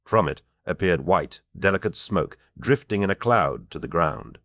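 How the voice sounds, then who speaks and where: A man narrating a fantasy audiobook in a measured, even reading style. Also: low voice, vocal fry, no echo. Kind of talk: scripted narration.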